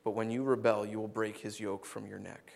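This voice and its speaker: A man reading scripture aloud, voicing an old blind father who gives a grave pronouncement in a low, quiet tone. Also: little pitch movement, brisk, gravelly, in a large hall. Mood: solemn.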